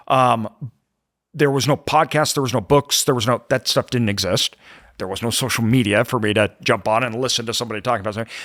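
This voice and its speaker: A man hosts a podcast interview in an earnest, reflective voice, stressing points by saying them twice. His pitch sits in a middle register. The sound is dry and close, with no room around it. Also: a bit bright, no room sound. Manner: earnest, reflective, repeats words for emphasis. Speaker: podcast host. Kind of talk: conversational interview.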